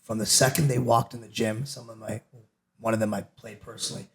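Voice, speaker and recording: A raspy middle-aged man hosting a casual sports podcast, joking as he moves the panel along. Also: on the low side, flat delivery, fairly quick, a bit bright. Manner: joking, drives the questions. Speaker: podcast host. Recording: echoey room.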